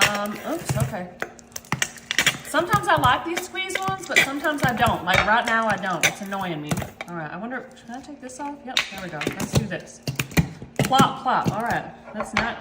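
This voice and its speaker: Her voice a little high, this woman runs a relaxed cooking demo at home for her channel, talking to the audience and addressing them as y'all. Heavy background noise fills the clip, including the clatter of dishes in an echoing kitchen.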